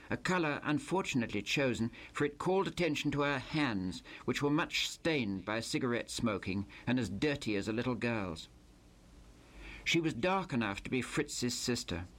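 Older male author, measured and unhurried, reading his prose. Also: medium pitch, expressive, a bit bright. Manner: measured, with hesitant pauses. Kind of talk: reading from his own book.

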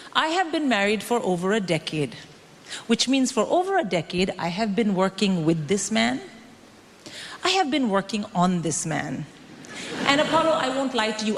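A woman in her forties doing a stand-up comedy set, brash and animated, acting out the people she quotes. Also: fairly high pitch. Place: comedy stage before a live audience. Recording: stage mic in a reverberant hall with audience noise.

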